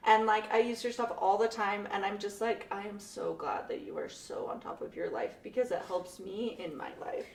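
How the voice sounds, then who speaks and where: A young woman who teaches math tells a lively classroom story in a casual interview, laughs often and acts out her students' voices. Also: medium pitch, normal speed, few pauses, a little hiss or hum. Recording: echoey room, mic at a distance.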